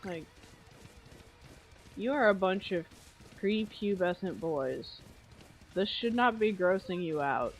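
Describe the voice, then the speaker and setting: A young woman chatting casually on a stream, telling animated school stories and slipping into playful voices. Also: on the low side, takes it slowly, long pauses, soft background music, rough recording. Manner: animated storyteller who jumps into playful voices.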